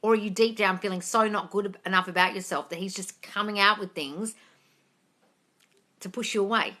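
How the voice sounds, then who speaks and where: A woman answering viewers' questions on a live stream, blunt and sweary, scolding her viewers and swinging from low mutters to loud yelling. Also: a little fast. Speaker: manifesting coach answering live chat questions. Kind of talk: blunt livestream Q&A.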